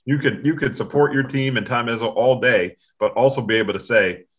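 A man's voice: medium pitch, brisk, husky. A man co-hosting a sports talk show, rambling casually and often restarting his sentences. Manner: rambling, self-interrupting. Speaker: sports podcast co-host.

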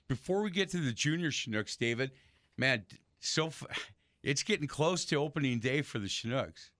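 A man's voice: mid-range voice, lively intonation, normal speed, fairly bright tone, dry recording, clean studio sound. A man hosting a sports radio talk show, chatty and self-deprecating as he tells stories. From Milwaukee area.

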